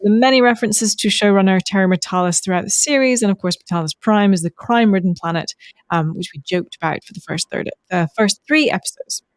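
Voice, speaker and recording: A woman's voice: medium pitch, quick pace, no room sound, studio quality. Chatty woman podcast co-host. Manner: chatty, rambling with many ums. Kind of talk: casual recap chat.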